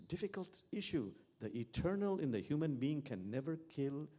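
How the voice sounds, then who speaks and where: A man's voice: medium pitch, big pitch swings, moderate pace, few pauses, a little mellow. A man, an imam, giving a reflective sermon with stories and repeated key phrases. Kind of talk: sermon with storytelling.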